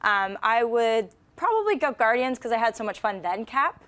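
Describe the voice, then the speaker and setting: A woman's voice: a little high, big pitch swings, moderate pace, a bit bright. A woman who works as a senior movie news editor, chatting enthusiastically on a casual panel.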